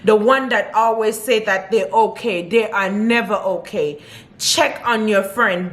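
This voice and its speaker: A woman's voice: a little high, fairly bright tone. A young woman vlogger talking earnestly and from the heart to her camera, often repeating her advice. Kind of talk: personal talk to camera.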